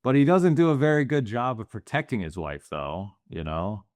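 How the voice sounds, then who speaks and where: A man's voice: mid-range voice, very animated, moderate pace, darkish tone, no echo. A man co-hosting a movie podcast, talking reflectively and a little hesitantly, filling his thoughts with "like". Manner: reflective, hesitant, many "like" fillers. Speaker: podcast co-host. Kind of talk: casual movie discussion.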